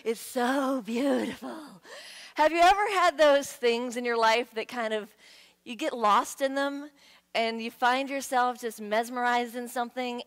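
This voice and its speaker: A woman giving a sermon in a conversational, playful way, with lively asides to the congregation. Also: a little high, clear, resonant tone. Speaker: guest speaker. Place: church sanctuary. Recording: long hall reverb.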